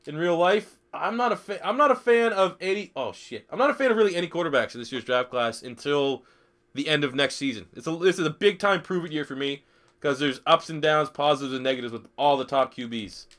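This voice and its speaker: A man's voice: on the high side, expressive, fairly quick, fairly bright tone. A young man live streaming a football video game, swearing freely, joking and reading chat questions aloud. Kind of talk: casual live stream commentary.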